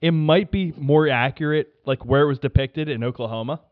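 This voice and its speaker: A man's voice: on the high side, a little fast, no room sound, phone-quality sound. A man hosting a podcast, teasing his guest in casual banter. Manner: teasing, laughs along. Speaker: podcast host.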